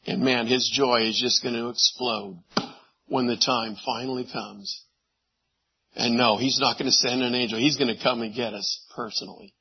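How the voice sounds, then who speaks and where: A man preaching a sermon, animated, swinging from loud exclamations to hushed asides. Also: mid-range voice, normal speed, breathy edge, highs cut off. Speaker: pastor.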